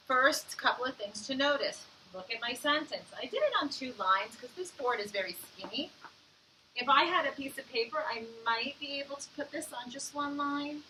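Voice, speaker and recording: A woman teacher giving an online phonics lesson to young children. She speaks encouragingly and sounds words out slowly. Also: on the high side, pushed and bright, far from the mic, slight background noise, low-quality recording.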